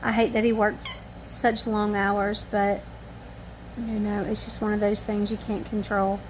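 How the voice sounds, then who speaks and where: A woman's voice: mid-range voice, level tone, a little slow, slight background noise. A tired woman chatting casually to camera at home in the evening, rambling in a homespun way. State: tired and yawning. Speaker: family vlogger.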